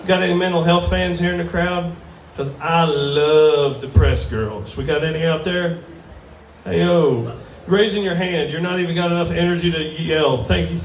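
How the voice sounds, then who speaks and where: Man, drawl, stand-up comic, crude jokes, slightly high voice, echoey bar recorded from afar. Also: steady tone, fairly quick, a little hiss or hum. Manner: drawling, crude, self-mocking. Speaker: stand-up comedian. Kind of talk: stand-up comedy set. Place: bar stage before a live audience. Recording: roomy bar sound from a distant mic.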